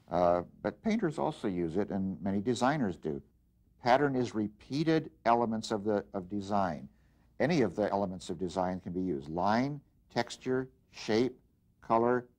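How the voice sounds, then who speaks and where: Guy teaching art class while he works, kinda low voice, lots of uh and restarts. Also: a little mellow. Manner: unhurried, explanatory, with frequent fillers and restarts. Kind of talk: demonstration lesson.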